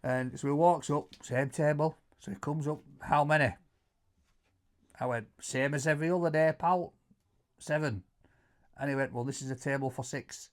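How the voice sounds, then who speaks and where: A middle-aged man with a Yorkshire accent telling stories in casual chat, animated, stumbling over repeated words and loudly acting out quotes. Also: fairly high pitch, moderate pace, long pauses. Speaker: co-host answering viewer questions.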